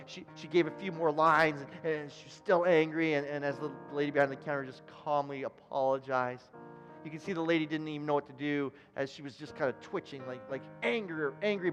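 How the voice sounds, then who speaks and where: A man, a pastor, preaching a sermon and telling a story, building to emphatic repeated phrases. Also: on the high side. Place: church sanctuary. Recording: church hall reverb with soft keyboard music.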